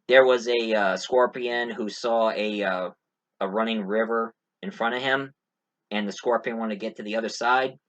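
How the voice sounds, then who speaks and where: A man's voice: fairly low pitch, fairly bright tone, dull audio. Casual male movie reviewer, rambling and jokey. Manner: rambling, many fillers, joking asides.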